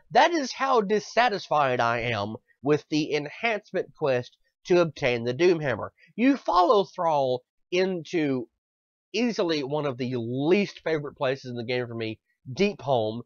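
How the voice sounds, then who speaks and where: A man's voice: a little high, no room sound. A man co-hosting a podcast in a casual rant; he is exasperated, swears a lot and repeats his words. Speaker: podcast co-host. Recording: dull lo-fi podcast audio.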